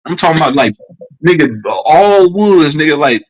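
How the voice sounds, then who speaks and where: Southern US male host, rowdy and cursing, slightly high voice. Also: expressive, moderate pace, no echo, poor audio. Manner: boisterous, profane, joking. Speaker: livestream host. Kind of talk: casual livestream chat.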